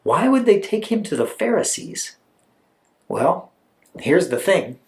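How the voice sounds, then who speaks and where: A man preaching a storytelling sermon, animated and conversational, with chatty asides. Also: high voice, slow, creaky. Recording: roomy echo.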